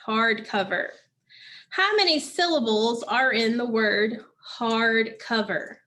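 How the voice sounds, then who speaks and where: Female teacher, slightly high voice, slow deliberate phonics drills for kids. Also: pushed and bright. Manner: slow, patient, asks and answers own questions. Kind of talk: phonics lesson for children.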